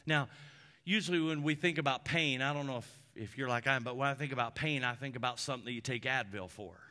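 Slow, bright-voiced preaching man. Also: medium pitch. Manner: emphatic preaching with repeated lists, swinging between loud peaks and hushed drops. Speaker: pastor. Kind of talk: sermon.

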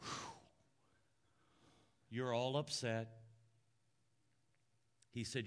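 A male pastor preaching a conversational sermon, often dropping soft and low for emphasis. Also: very animated, slow pace, pauses often.

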